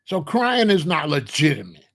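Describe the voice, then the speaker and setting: Host, male, higher-pitched voice, emphatic rhetorical delivery, casual talk. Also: big pitch swings, normal speed. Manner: emphatic, rhetorical, repeats points. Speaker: commentary host. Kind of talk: casual spoken commentary.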